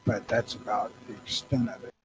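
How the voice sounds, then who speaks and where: A man's voice: fairly low pitch, level tone, moderate pace, noisy background. A middle-aged man from Missouri with a Southern accent, rambling crudely and profanely as a podcast co-host. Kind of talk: casual chat.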